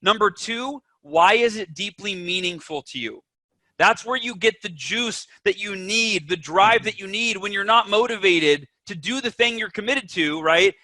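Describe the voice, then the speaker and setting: Bright, energetic man guest. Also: high-pitched, normal speed, dry recording. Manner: energetic, emphatic, acts out inner voices. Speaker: podcast guest, author. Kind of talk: animated interview talk.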